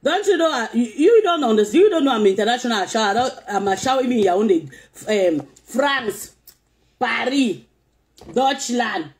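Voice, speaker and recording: A woman's voice: fairly high pitch, expressive, normal speed. A woman ranting at commenters on her stream, firing back repeated taunting questions. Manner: confrontational, repetitive taunting questions. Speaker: social media vlogger reading comments. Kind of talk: ranting live-stream talk.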